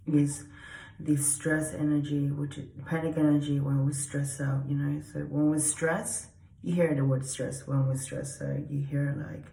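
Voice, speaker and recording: A woman with a deep, dark voice and vocal fry gives an unedited, casual explainer talk, calling herself a dog and human psychologist. She rambles, repeats herself, and swears for emphasis. The recording has a roomy echo.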